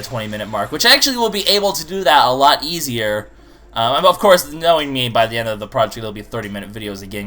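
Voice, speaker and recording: A let's play commentator chatting casually over gameplay, rambling and joking at their own expense, with excited bursts over characters. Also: medium pitch. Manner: chatty, rambling, self-mocking jokes.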